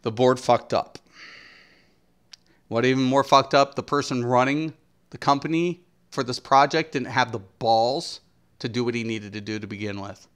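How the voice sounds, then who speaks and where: A man's voice: medium pitch, normal speed, fairly bright tone, clear, resonant tone. A man streaming and ranting commentary in a blunt, profane, swaggering way. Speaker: game streamer.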